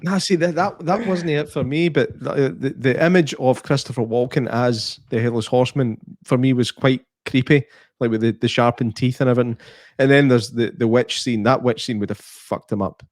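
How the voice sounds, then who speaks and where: A man's voice: mid-range voice, steady tone, moderate pace, no echo. Dry-witted Scottish man in banter. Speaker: podcast co-host. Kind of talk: casual film chat.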